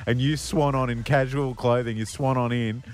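A man's voice: mid-range voice, fairly even intonation, moderate pace. Teasing Australian male radio co-host. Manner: teasing, dry, ribbing his co-host. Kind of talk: casual radio banter.

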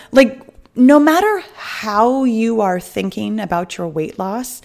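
A woman's voice: mid-range voice, expressive, slow pace, darkish tone. A middle-aged woman hosting a fitness podcast as a weight loss coach, chatty and upbeat, laughing often and wandering off on tangents. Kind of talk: casual podcast monologue.

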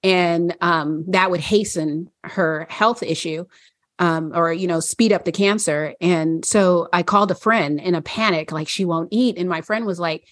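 Low-voiced woman chatting casually. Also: unhurried, no room sound, studio quality. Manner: rambling, laughs often, many fillers. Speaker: podcast co-host. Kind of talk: casual chat.

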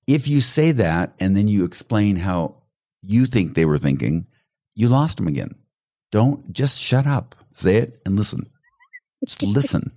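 Deep-voiced middle-aged man telling stories. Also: normal speed. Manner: animated storyteller, acts out quoted voices; laughs while telling stories. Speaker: guest expert on personality colors. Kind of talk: conversational explaining with anecdotes.

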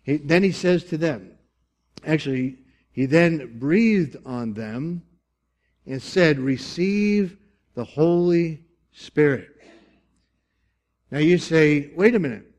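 A man preaching a sermon to his congregation, animated, with emphatic bursts and jokey asides. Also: on the high side, slow, long pauses. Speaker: pastor.

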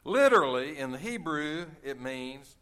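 Bright, unhurried preacher man. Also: fairly high pitch, very animated, clean tone. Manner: folksy, joking preacher with frequent "uh" fillers. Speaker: pastor. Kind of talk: sermon.

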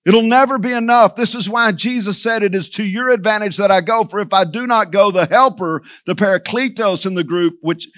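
A male pastor giving a sermon in a conversational, animated way, often turning to the congregation as church and quoting scripture. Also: high-pitched, a little fast, few pauses, no room sound, studio quality. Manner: animated, quotes scripture in changing voices.

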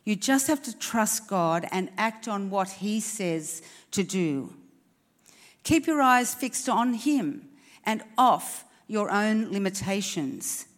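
At a church service, a woman delivers a sermon to the congregation in an earnest, encouraging tone, relying on rhetorical questions and direct appeals to her listeners. Her mid-range voice has lively intonation and moves slowly.

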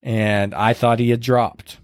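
A man casually retelling a hard race on a podcast, earnest and halting, with many restarts and quoted lines. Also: mid-range voice, little pitch movement, no echo, clean studio sound. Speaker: podcast host recounting a race. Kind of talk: casual storytelling chat.

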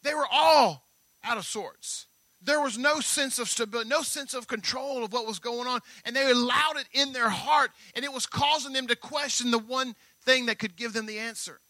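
A male pastor delivering a sermon in a high, bright, sharp voice. His preaching is emphatic and leans on repeated phrases. The sound is close and dry. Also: fairly even intonation, brisk, hardly any pauses, dry recording.

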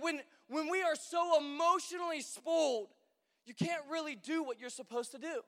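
In a large church hall with a long reverberant tail, a young man preaches in a loose, conversational way, joking, telling stories, and leaning on plenty of fillers. His voice is very high-pitched and a bit bright.

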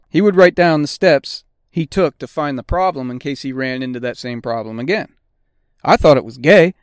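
A man's voice: mid-range voice, no room sound, studio quality. A middle-aged man hosting a podcast, talking bluntly and swearing constantly in a casual monologue. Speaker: podcast host; auto technician.

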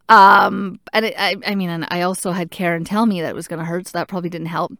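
A woman casually telling a personal story in an animated way, acting out what people said to her. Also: lowish voice, quick pace, hardly any pauses, dry recording, clean studio sound. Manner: animated, acts out what others said. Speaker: patient recounting a procedure.

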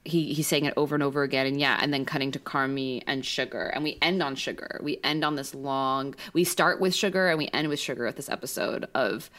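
Young woman cohosting a podcast, low voice, emphatic and really invested. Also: fairly quick, hardly any pauses, a bit bright. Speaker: podcast co-host. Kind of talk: casual chat.

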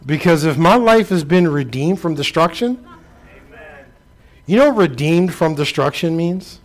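A man's voice: fairly high pitch, lively intonation, measured pace. A male pastor delivering a sermon, preaching in a rhythmic, emphatic way and telling stories to make his point.

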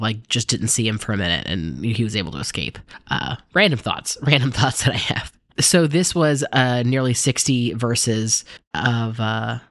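A man's voice: mid-range voice, no room sound. Guy doing a bible reading podcast, laid back and rambly, dry close sound. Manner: relaxed, rambling, lots of fillers. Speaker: podcast host reading scripture. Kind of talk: bible reading and casual reflection.

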